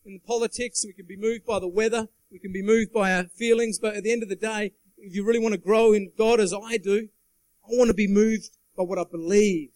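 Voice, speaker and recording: A man's voice: sits high, steady tone, a little fast, a little mellow, no echo, low-quality recording. A man preaching a sermon in a church, earnest and emphatic, calling out to the congregation. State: sweating. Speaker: guest preacher.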